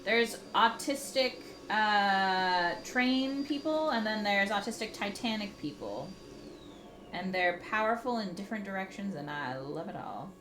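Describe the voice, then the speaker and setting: A woman hosting a casual livestream from home, chatting with viewers in a giggly, animated way with casual swearing. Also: medium pitch, unhurried, noisy background. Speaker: livestream host.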